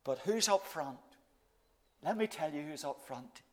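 A man preaches a sermon in a slow, measured way, with a voice that sits a little high for a man. He lets phrases sink to a soft hush. His voice rings out with a long reverb in a large hall. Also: animated. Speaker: pastor. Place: church service.

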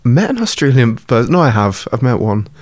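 A man's voice: mid-range voice, big pitch swings, fairly quick, dry recording, studio quality. A man chatting casually in a podcast, musing aloud and asking questions. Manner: musing, giggly, asks many questions. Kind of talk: casual chat.

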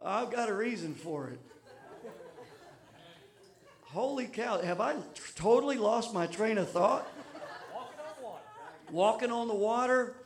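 A man preaching. His voice sits high for a man, and he mixes self-deprecating anecdotes with emphatic, repeated lines of sermon. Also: animated, slow pace, long pauses, some chatter behind. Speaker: pastor.

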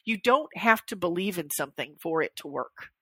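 Animated, joking woman co-host. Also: fairly low pitch, brisk, breathy edge, no echo. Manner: animated, joking and self-mocking. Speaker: podcast co-host. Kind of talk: casual chat.

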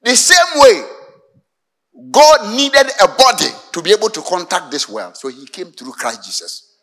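A man's voice: high-pitched, sing-song, a little slow, bright, forceful tone. A man with a Ghanaian English accent preaching a sermon as pastor, emphatic and stopping to have the congregation fill in the missing word.

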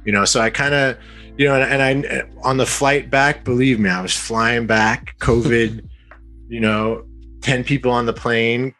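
A young man talking as a podcast guest, rambling through a story with many fillers and restarts and getting animated when he quotes people. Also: medium pitch, measured pace, faint music behind. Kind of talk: casual conversational storytelling.

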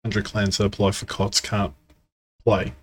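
A man's voice: lowish voice, little pitch movement, unhurried, a little hiss or hum. A man co-hosting a casual gaming podcast, giving frank, opinionated takes. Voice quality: gravelly, husky. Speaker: podcast co-host.

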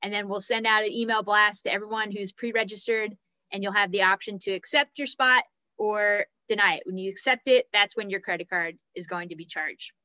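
Bright, chatty woman hosting a live stream. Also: medium pitch, steady tone, fairly quick, no room sound, rough recording. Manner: chatty, enthusiastic, laughs at names. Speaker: host and race director.

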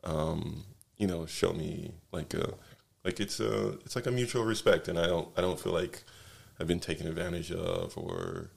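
A man's voice: low voice, normal speed, gravelly. A man casually telling travel stories as a podcast guest, rambling with many fillers and restarts. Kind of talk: casual storytelling.

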